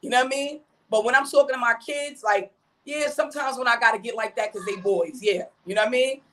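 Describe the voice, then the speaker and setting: A mother chatting on a podcast, animated and emphatic, full of slang and repeating "you know what I mean". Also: on the high side, quick pace. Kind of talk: casual podcast chat.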